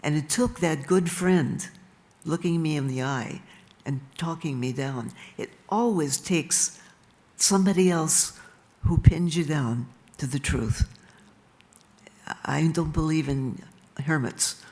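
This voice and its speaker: An older woman speaking at a live event, telling stories about her life in an unhurried way and laughing softly now and then. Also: low voice. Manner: slow and unhurried, with soft laughs. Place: stage in a large venue.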